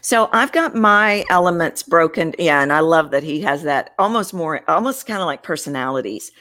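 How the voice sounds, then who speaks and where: A woman with a notably low voice, answering interview questions as a voice coach. She talks expressively, shifting her delivery to show what a voice can do. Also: normal speed. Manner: expressive, demonstrates vocal variety while explaining. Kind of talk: interview conversation.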